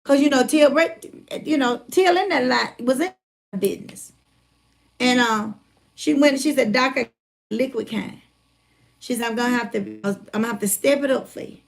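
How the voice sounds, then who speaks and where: A motivational speaker telling a personal story in a casual, folksy way, retelling conversations and calling listeners by name, still getting over a chest cold. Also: female voice, high-pitched, normal speed, creaky. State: recovering from chest cold, congested breathing. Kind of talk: casual testimony talk.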